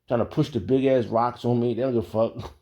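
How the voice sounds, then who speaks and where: A man telling a casual story, animated and profane, laughing often. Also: medium pitch, brisk.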